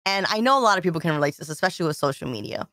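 Bright, lively woman podcast co-host. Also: fairly low pitch, very fast, dry recording, studio quality. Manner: laughs often, animated storytelling. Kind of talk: casual chat.

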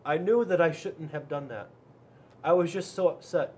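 A man, a police officer, reading a children's storybook aloud in an expressive, dramatic way with big swings in loudness. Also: fairly high pitch, moderate pace.

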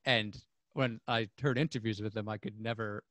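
Man, interview host, bright tone, relaxed, slightly hesitant. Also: fairly low pitch, moderate pace. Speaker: podcast host. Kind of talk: casual interview.

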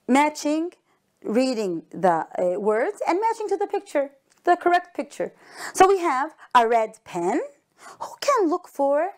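Slow, lively woman teaching children English. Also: high voice. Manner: encouraging, slow and clearly enunciated, repeats words. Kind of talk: broadcast lesson for young children.

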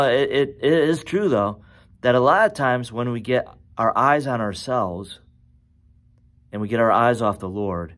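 A man preaching a sermon as pastor, with animated, conversational storytelling and questions to his listeners. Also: fairly low pitch. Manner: animated storytelling, self-correcting.

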